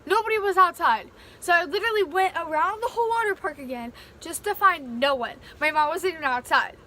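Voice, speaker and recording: A young woman vlogger with a high, bright, ringing voice tells a casual storytime. She rambles and piles fillers into every sentence as the story tumbles out. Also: expressive, a little fast. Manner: rambling, filler-heavy retelling with many "like"s.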